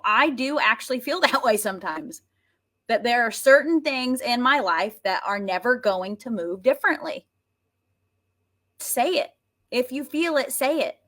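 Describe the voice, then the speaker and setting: A woman guiding a tapping and healing session, talking slowly and emotively with many sighs, and coaxing listeners to repeat her phrases. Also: a little high, a bit bright. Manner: slow, breathy, emotive, with frequent sighs.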